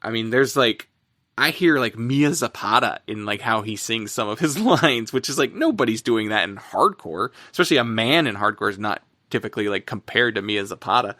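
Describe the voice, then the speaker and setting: A man's voice: on the low side, animated, fairly quick, sharp tone, no room sound. Rambling casual man, dry close sound. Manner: rambling, filler-heavy, laughs often. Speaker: podcast co-host. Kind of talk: casual music chat.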